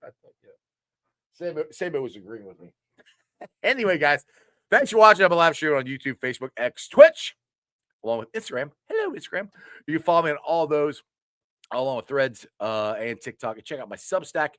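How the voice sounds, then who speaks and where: A man hosting a casual football show, laughing a lot and talking loosely and excitedly. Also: a little high, moderate pace, no room sound, clean studio sound. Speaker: show host. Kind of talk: casual sports show chat.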